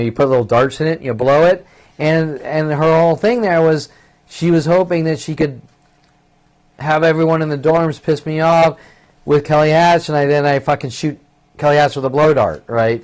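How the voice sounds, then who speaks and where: Man in his fifties, slightly higher voice, agitated and profane, rambling and repetitive solo vlog. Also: darkish tone. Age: 50s. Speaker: vlogger. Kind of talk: rambling monologue.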